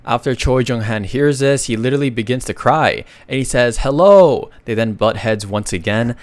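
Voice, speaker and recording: A man's voice: medium pitch, fairly quick, no echo. A man narrating a comic recap in a casual, chatty way, reading out the dialogue and adding joking asides to viewers.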